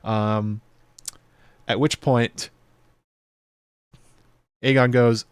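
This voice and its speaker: A man hosting a video show, talking through a TV episode in loose, chatty commentary full of fillers and quick playful impressions. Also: medium pitch, dry recording. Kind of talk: casual episode breakdown commentary.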